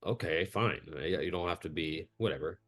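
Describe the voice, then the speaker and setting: A man's voice: sits low, fairly quick, a bit bright, faint music behind. A man voicing a chatty, friendly male town guard who rambles and speaks a bit awkwardly.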